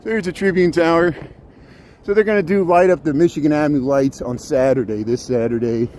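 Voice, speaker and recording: A chatty man walks busy city streets, narrating his live stream and greeting viewers one after another. His voice sits a little high for a man. Traffic noise rumbles clearly behind him. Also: fairly quick, a little mellow. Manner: chatty, greets viewers by name, repeats himself. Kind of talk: casual live-stream narration while walking.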